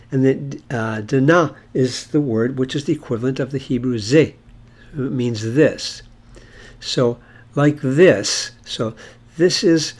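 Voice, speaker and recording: A man's voice: mid-range voice, darkish tone. A man teaching a language lesson in a casual explanatory way, thinking aloud with many fillers and restarts. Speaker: Hebrew teacher.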